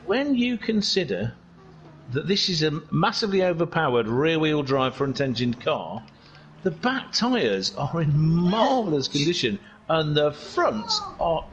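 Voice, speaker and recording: A man with a high, lively voice commentates a live sim race in a put-on North Welsh accent, cracking jokes and wandering off into asides. His pitch swings widely, and there is faint noise behind him. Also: takes it slowly, lo-fi sound. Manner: joking, rambling asides.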